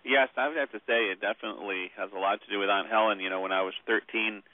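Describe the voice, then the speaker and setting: A man's voice: lowish voice, fairly even intonation, fast talker, dry recording. A man, an author and guest, telling stories in a rambling way with many fillers over the phone. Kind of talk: phone interview storytelling. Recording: tinny phone line.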